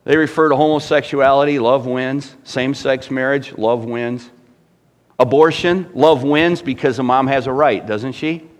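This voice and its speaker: Speaking at an ordinary pace in a medium-pitched voice, the middle-aged pastor grows more fervent as his sermon goes on, asking his congregation rhetorical questions.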